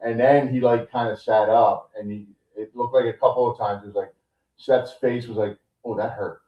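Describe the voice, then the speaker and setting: A man co-hosting a podcast who recaps a show in casual, animated chat full of "like" and "you know". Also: medium pitch, normal speed, recorded from a distance. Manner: animated storytelling with many fillers. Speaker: podcast co-host. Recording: dull, roomy sound from off-mic.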